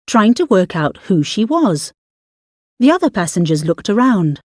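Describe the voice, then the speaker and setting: A woman reads an audiobook story with measured, expressive storytelling. Her pitch rises and falls in a lively way, and the sound is dry and close. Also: no echo. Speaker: audiobook narrator. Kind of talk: scripted audiobook narration.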